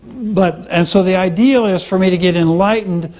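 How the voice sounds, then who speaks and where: A man with a slightly high, somewhat mellow voice gives a classroom lecture in a relaxed, conversational manner. He often checks in with "okay?" or "right?" and restarts sentences, filling the gaps with "uh."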